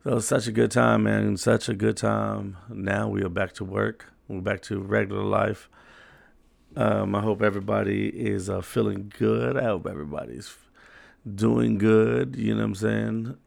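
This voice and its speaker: A man's voice: fairly low pitch, fairly even intonation, normal speed, creaky, no room sound. A man hosting, telling rambling stories in a laid-back, slangy, casual way. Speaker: host. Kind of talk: casual storytelling monologue.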